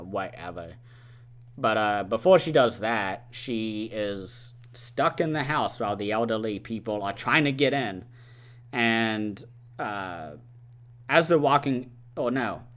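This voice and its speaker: A man giving a casual, rambling spoiler recap of a film, full of "like" and "uh" as he retells scenes. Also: lowish voice. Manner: rambling, animated retelling with many "like" and "uh" fillers. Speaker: movie reviewer.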